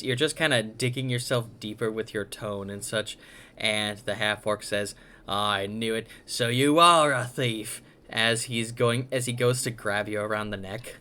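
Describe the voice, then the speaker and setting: A man running a tabletop game as game master, casual and halting with fillers. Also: medium pitch, steady tone, a bit bright.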